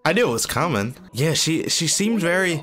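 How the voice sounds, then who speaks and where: A young man giving casual, excitable reaction commentary, often swearing and breaking into exclamations. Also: a little high, normal speed. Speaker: anime reaction youtuber.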